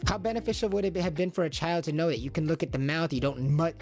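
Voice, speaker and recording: A stream host with a medium-pitched, darkish voice talks fast through a casual monologue while faint music plays behind. He asks rhetorical questions and performs short quoted lines from parents and children.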